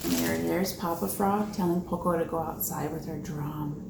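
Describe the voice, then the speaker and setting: A children's librarian with a low-pitched, gravelly, steady voice leads a preschool storytime at a moderate pace. She's upbeat and chatty, asking the little ones questions as she explains. The room echoes and has background noise.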